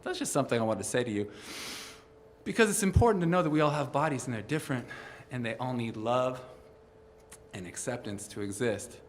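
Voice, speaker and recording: A man's voice: medium pitch, animated, brisk, pauses often, long reverb tail. Man, children's music host, encouraging and friendly, faint hiss behind him. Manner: upbeat, gentle, encouraging, addresses kids directly. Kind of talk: interactive kids' music session, talking and singing. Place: indoors, streamed at home.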